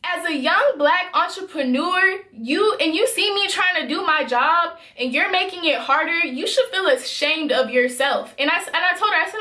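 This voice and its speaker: A woman's voice: very high voice, expressive, moderate pace, hardly any pauses, sharp tone. Young memphis girl w ranting to her viewers, echoey room. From Memphis, USA. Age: young adult. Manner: worked up, emphatic, talks straight to viewers. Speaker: vlogger. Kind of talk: storytime vlog.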